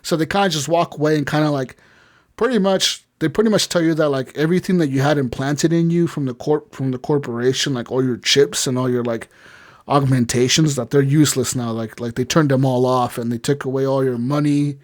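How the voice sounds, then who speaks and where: A man's voice: mid-range voice, fairly even intonation, fairly quick. Man rambling through a game recap. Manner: rambling, profane retelling. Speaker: podcast co-host. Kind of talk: casual podcast chat.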